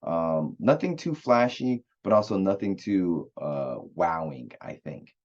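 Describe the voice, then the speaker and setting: Low-voiced man casually reviewing music. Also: expressive, a little slow, dull audio. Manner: loose and rambling, many fillers and restarts. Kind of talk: casual spoken album review.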